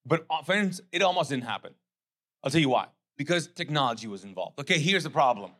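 A middle-aged pastor from Pakistan, preaching a sermon with animated storytelling that settles into quiet, earnest reflection. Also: male voice, fairly high pitch, fairly quick.

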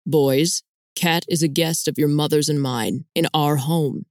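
A woman's voice: low-pitched, steady tone, measured pace, a little mellow, no room sound, studio quality. A woman reading aloud voices a kind father who firmly reminds his grown sons of their manners. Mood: stern.

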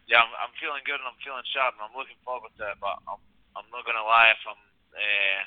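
Scottish fighter on a tinny phone line. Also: male voice, medium pitch, fast talker, dry recording. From Scotland. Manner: relaxed, many filler ums. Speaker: professional fighter. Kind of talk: casual interview answers.

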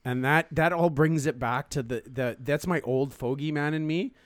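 A man's voice: fairly high pitch, moderate pace, dry recording, studio quality. A man in his forties co-hosting a podcast in casual banter, laughing often and swearing through rambling asides. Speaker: podcast co-host.

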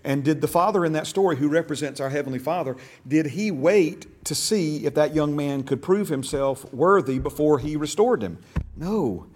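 A man's voice: fairly high pitch, lively intonation, moderate pace, darkish tone. A man teaching a church discipleship class, stressing key words and asking the class questions. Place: church classroom, also streamed online.

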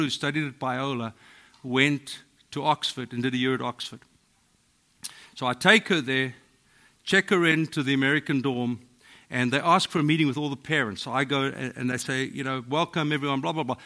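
A middle-aged South African man, a pastor preaching a sermon, telling stories in a voice that drops to a hush and then rises to loud exclaiming. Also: mid-range voice, moderate pace. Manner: storytelling, swings from hushed to exclaiming.

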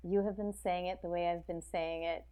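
An American woman guesting on a podcast chats casually in an interview, sounding animated and reflective, with many "like"s and restarts. Her voice is fairly low-pitched and clean-toned, at a normal speed.

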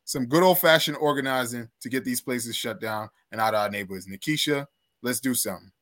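A man guesting on a relaxed podcast conversation. His voice sits at an ordinary middle pitch. He comes across earnest and reflective, and he takes his time laying out his thoughts. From United States, born to Trinidadian parents. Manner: earnest, thoughtful, speaks in measured phrases. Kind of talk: casual podcast chat.

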